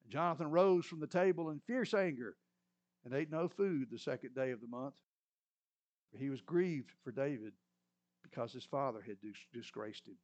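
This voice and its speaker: A middle-aged male preacher retelling scripture as a story in a folksy, conversational sermon, often clearing his throat. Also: mid-range voice, moderate pace, a little mellow, lo-fi sound.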